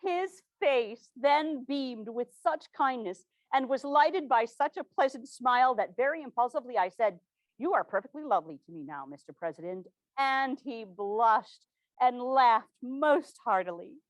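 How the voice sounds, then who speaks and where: A woman playing an earnest 1860s governor's widow, recounting events in a formal, measured period manner. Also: fairly high pitch, animated, dry recording, lo-fi sound. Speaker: living historian. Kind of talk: first-person historical portrayal.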